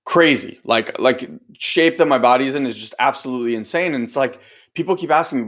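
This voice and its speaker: A man's voice: medium pitch, brisk, a bit bright. A man hosting a group training talk as a coach, speaking casually and loosely, with lots of fillers and the odd swear word. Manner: acts out other people's voices in quotes. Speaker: host and personal growth coach.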